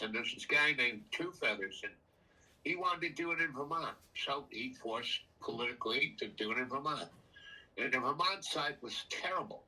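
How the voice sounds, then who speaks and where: A man's voice: mid-range voice, moderate pace, bright, forceful tone, husky, far from the mic, low-quality recording. An older man telling a meandering personal story that jumps around in time. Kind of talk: rambling personal anecdote.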